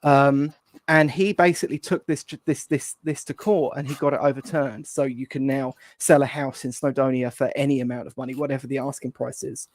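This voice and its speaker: A man of ordinary pitch co-hosts a casual political chat. He rambles and hesitates, often restarting with fillers. His voice sounds dry and close. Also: fairly even intonation, a little fast, no echo.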